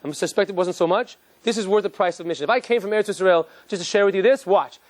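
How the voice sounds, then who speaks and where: A man, a rabbi, giving an animated, joking lecture and quizzing his live audience. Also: sits high, fast, dry recording.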